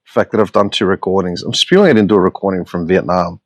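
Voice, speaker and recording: A man's voice: low-pitched, fast talker, no echo, dull audio. An Australian man hosting a solo podcast, telling stories in a blunt, profane, exasperated way. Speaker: podcast host.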